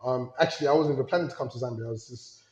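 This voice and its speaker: A man's voice: mid-range voice, very fast, highs cut off. London guy being interviewed, laid back, laughs along, echoey room. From London, England. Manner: relaxed, candid, laughs along. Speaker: guest, film company CEO. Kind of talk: casual interview chat.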